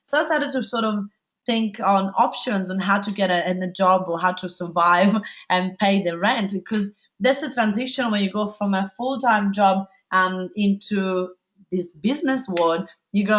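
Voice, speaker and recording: A woman's voice: medium pitch, measured pace, a bit bright. Enthusiastic Italian-accented woman hosting a webinar. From Italy. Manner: enthusiastic, chatty, often ends with a questioning "right?". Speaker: webinar host, life coach. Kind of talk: live webinar talk to an online audience.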